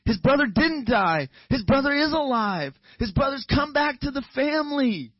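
A man's voice: very high-pitched, sing-song, normal speed, no echo, dull audio. A man preaching a sermon in an earnest way, often repeating words and restarting his phrases. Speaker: pastor.

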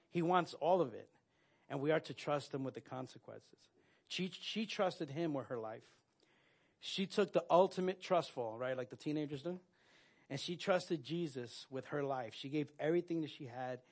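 A man preaching a sermon, earnest and direct, often restarting his sentences and filling pauses with "uh". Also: on the high side. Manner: earnest, with frequent fillers and restarts. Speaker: pastor.

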